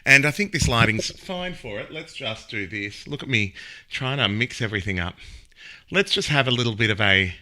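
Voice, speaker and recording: Bright-voiced man chatting at home. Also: mid-range voice, lively intonation, fairly quick. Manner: chatty, rambling plugs and asides. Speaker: cabaret comedian hosting an online show. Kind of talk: chatty live-stream banter.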